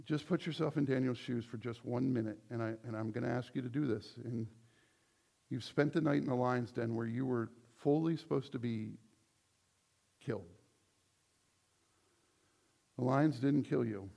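A male pastor preaching a sermon, animated, acting out quoted voices as he teaches. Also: medium pitch, moderate pace, creaky.

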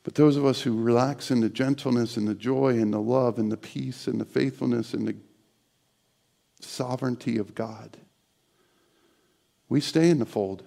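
A middle-aged pastor delivers a sermon in a church with a deeply gravelly, rough-edged voice. His delivery swings between emphatic, animated stretches and a soft, prayerful hush. His pitch sits in an ordinary middle register. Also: moderate pace, pauses often. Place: church sanctuary.

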